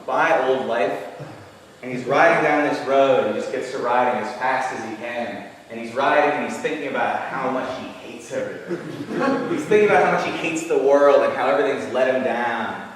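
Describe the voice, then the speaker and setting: A male comedian retelling a novel on stage, sarcastic and laughing as he goes, sometimes mumbling and sometimes shouting. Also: medium pitch, fairly quick, heavy reverb, in a large hall, distant mic, a little hiss or hum, rough recording. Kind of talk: stand-up storytelling.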